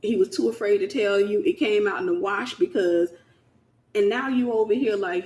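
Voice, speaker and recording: A woman's voice: medium pitch, normal speed, a little mellow. A woman from the United States hosting a casual Christian teaching talk, speaking in an emphatic, colloquial way and repeating her key phrases. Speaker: host.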